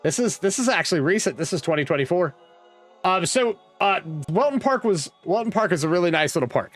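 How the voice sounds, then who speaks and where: A man's voice: high voice, big pitch swings, fairly quick, faint music behind. Rambling man telling stories. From West Virginia, USA. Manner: rambling, with restarts and asides. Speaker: vlogger. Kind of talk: casual storytelling while browsing a map.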